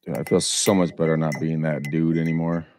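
A man's voice: very deep voice, brisk, slight background noise. A man hosting a live real estate show, chatting crudely and joking while he makes cold calls. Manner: crude, joking, swings loud when excited. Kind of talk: casual live-stream banter while cold calling.

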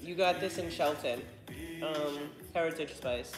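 A woman's voice: low voice, measured pace, soft background music. An American woman co-hosting a casual mealtime chat at home, chatty and laughing as she reads out viewer comments. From United States. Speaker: co-host. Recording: roomy echoey room.

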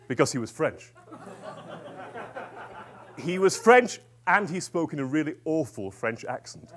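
A male executive coach tells an audience a story in a conversational way. His pitch swings widely as he goes, and he keeps pausing to check in with the room. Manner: lively, conversational, checks in with "yeah?". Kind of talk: storytelling talk to a live audience.

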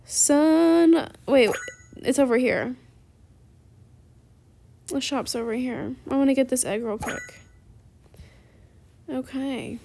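A woman hosting a gaming channel, giving casual gameplay commentary in a chatty, rambling way that turns excited easily. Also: sits high, takes it slowly, gravelly, long pauses, slight background noise.

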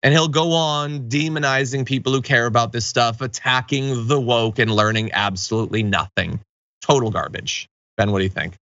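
A man's voice: medium pitch, fairly even intonation, moderate pace, a bit bright, dry recording, lo-fi sound. A man hosting a political commentary show, delivering opinionated, mocking takes with sarcastic asides.

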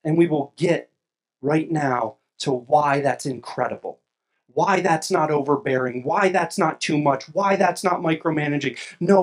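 A pastor preaching a sermon, reading scripture aloud at length and rising to impassioned, emphatic exclamations. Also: mid-range voice.

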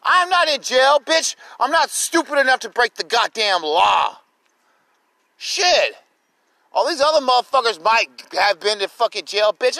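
A man rants into his phone on a livestream, furious and profane, hammering the same demands again and again. His voice sits high and cuts sharp and bright. The sound is dry and close, with no room around it. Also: no room sound, poor audio. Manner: furious, profane, repetitive shouting. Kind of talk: angry livestream rant.

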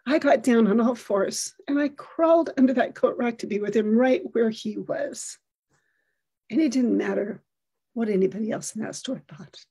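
A middle-aged woman giving an earnest, expressive storytelling talk, acting out the lines of the people in it. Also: a little high, slightly rough.

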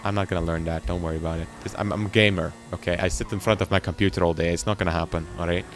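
A man's voice: low-pitched, steady tone, racing. A man hosting a gaming channel, rambling and joking to himself as he plays. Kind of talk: let's play commentary.

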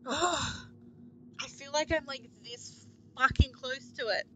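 A woman streaming a video game live, swearing and shouting at the screen one moment and muttering to herself the next. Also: high-pitched, fairly even intonation, moderate pace, slight background noise. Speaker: gaming streamer.

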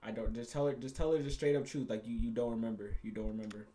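Speaking quickly in a warm, mid-range voice with fairly even intonation, a young man comments casually on a game for his YouTube channel. He's crude and rambling, cursing often, saying things twice, and laughing at his own gags, over a faint hiss or hum.

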